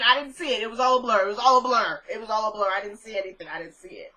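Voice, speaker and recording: A woman casually recapping a TV episode, chatty and animated, acting out characters' lines as she retells the scenes. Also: a little high, fairly quick, low-quality recording. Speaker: TV recap vlogger.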